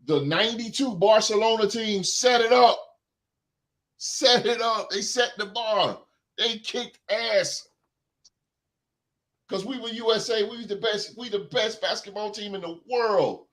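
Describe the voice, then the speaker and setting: A man's voice: sits high, measured pace, a bit bright. A man hosting a sports podcast, ranting with emphatic repetition and then reading sports news aloud. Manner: emphatic, repeats phrases for effect. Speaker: podcast host.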